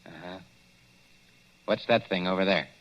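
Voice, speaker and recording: An actor playing a brash young newspaper reporter, brisk and questioning, in 1940s radio acting on a dull old broadcast. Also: male voice, low-pitched. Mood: uneasy.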